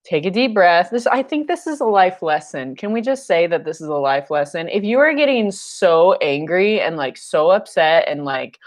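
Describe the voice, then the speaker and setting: This paint night instructor is a young woman teaching on a live stream, joking and chatting and often cracking herself up with side comments. She speaks at a normal speed with a fairly low, lively voice and barely pauses.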